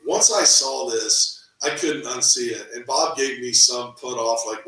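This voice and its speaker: A middle-aged man, a real estate team owner, telling his story in a casual interview, animated and often repeating words as he acts out what others said. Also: mid-range voice, a little slow, recorded from a distance. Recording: echoey room, voice from off the mic.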